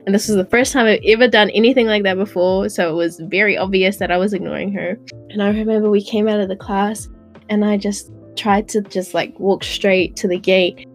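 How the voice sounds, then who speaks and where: A woman's voice: mid-range voice, steady tone, a little fast, soft background music. A young adult woman, earnestly telling a personal story in casual chat, with lots of "like". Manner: earnest storytelling, heavy use of "like".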